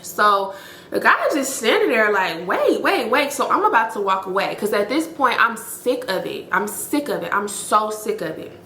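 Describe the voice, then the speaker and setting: A woman of twenty-eight telling her viewers a story in a casual, blunt, animated way, swearing freely and calling them y'all. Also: mid-range voice, moderate pace, a little hiss or hum. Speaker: storytime vlogger. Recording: echoey room.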